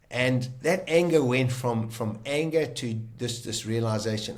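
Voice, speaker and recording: A middle-aged man from South Africa, recounting a personal ordeal in a vivid, animated conversational way with frequent restarts. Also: medium pitch, moderate pace, few pauses. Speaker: guest telling his story. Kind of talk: conversational storytelling.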